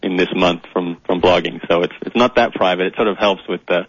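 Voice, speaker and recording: A man's voice: sits low, steady tone, a little fast, no echo, highs cut off. A man from Australia with a Canadian accent, a guest talking easily in an interview and laughing readily. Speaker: guest, professional blogger. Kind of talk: casual interview.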